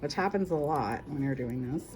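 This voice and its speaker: A woman's voice: low-pitched, lively intonation, normal speed, darkish tone, soft background music. A woman hosting a casual crochet tutorial, walking through each step in a chatty, reassuring way and correcting herself as she goes.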